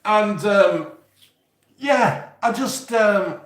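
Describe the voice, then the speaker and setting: A man's voice: high-pitched, animated, very slow, a bit bright, reverberant. A man with an East Midlands English accent, rambling and swearing casually as he chats to viewers on his live stream. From England. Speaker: YouTube host.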